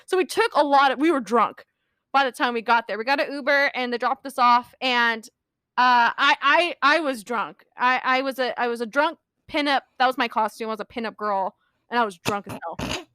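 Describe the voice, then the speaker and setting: A young woman chats on a podcast in a high, bright, sharp voice, rambling through a story and giggling mid-sentence. The sound is close and dry, with no room around it. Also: normal speed, clean tone, no room sound. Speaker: podcast co-host. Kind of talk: casual storytelling chat.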